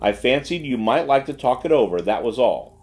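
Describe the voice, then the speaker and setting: A man voicing a composed female detective who speaks in calm, level tones. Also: medium pitch, a little fast, natural voice. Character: calm, level-toned young woman detective.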